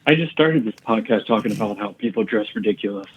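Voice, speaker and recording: A man's voice: lowish voice, lively intonation, fast talker, slightly rough, phone-quality sound. A man, a comedian guest, telling rambling stories in casual chat and swearing often.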